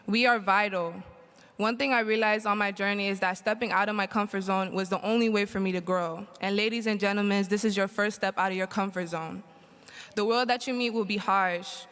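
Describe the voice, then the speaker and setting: Young woman, smooth clear voice, emotional graduation speech, long hall reverb. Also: mid-range voice, steady tone, fairly quick, a bit bright. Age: young adult. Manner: emotional, holding back tears. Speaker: graduating student speaker.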